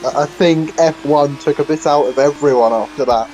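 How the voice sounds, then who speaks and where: A man's voice: a little high, normal speed, a little mellow, dull audio, slight background noise. A man co-commentating a sim race in a casual, teasing way, with some hesitant restarts.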